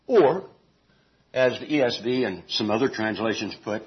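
A man teaching a Bible study group in an informal, deliberate way, stressing words and adding homely asides and self-corrections. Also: mid-range voice, lively intonation, muffled recording.

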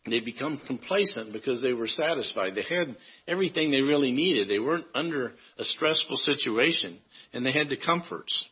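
A man preaching a sermon in an earnest way, halting often and restarting his phrases. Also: mid-range voice, animated, husky, highs cut off.

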